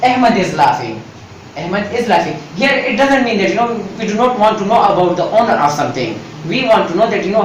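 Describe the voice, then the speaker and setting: A Pakistani man teaching English grammar, switching into Urdu and repeating each point with "right?" and "you know". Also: sits high. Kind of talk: bilingual grammar lesson. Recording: echoey room, mic far off, faint noise.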